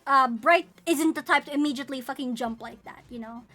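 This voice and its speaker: A young woman streamer chatting casually and profanely, breaking into excited squeals. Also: high-pitched, fairly quick, faint music behind. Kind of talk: casual live-stream chat about her characters.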